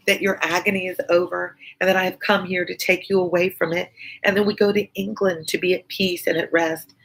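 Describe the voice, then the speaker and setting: A woman voicing a gentle, devoted young woman who tenderly pleads with her father. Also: fairly low pitch, vocal fry, poor audio. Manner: tender, pleading, repetitive appeals.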